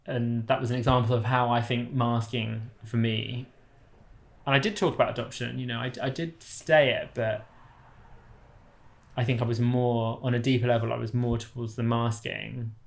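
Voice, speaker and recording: Posh English man, gravelly and flat. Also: mid-range voice, moderate pace. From England. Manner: thoughtful, restarts sentences while thinking aloud. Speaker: artist and interviewer. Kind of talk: reflective conversation.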